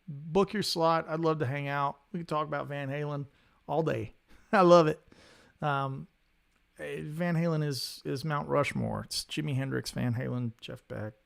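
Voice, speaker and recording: A man, hosting a casual guitar livestream, talking in an animated, rambling way and often repeating his words. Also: on the high side, gravelly. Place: home studio.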